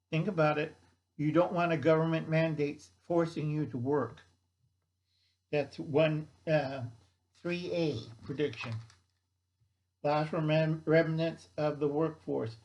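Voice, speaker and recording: A man's voice: fairly high pitch, poor audio. A man hosting his own channel, giving a blunt, folksy, rambling monologue. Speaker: channel host.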